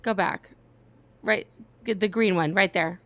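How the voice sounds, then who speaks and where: Excited woman on a live stream. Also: medium pitch, unhurried, creaky, no echo. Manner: excited, gushing, directing others. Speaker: guest panelist. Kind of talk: casual live-stream chat.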